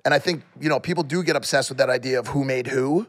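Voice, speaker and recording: A man co-hosting a podcast in casual chat, rambling and halting, with many fillers and some swearing. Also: mid-range voice. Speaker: podcast co-host.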